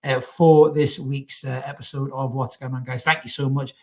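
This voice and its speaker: A man's voice: mid-range voice, flat delivery, normal speed. A young man hosting a casual football chat show alone, blunt and sweary, full of laddish banter. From North East England. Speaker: podcast host.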